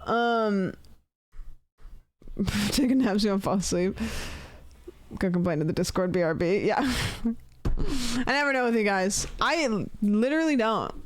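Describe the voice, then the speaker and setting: A woman's voice: medium pitch, a little slow, pauses often. Tired, rambling woman streamer. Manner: chatty, rambling, self-deprecating. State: tired and unwell. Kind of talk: casual live-stream chat.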